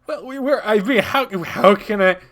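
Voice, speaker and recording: A man's voice: high-pitched, moderate pace, fairly bright tone, pitched above the performer's own voice. A man voicing a nervous young man who gets flustered and stammers in a visual novel.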